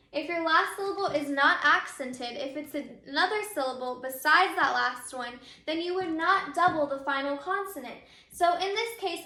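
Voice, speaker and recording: A woman's voice: high-pitched, sharp tone, roomy sound. A woman teacher giving a grammar lesson, patiently explaining and repeating example words aloud.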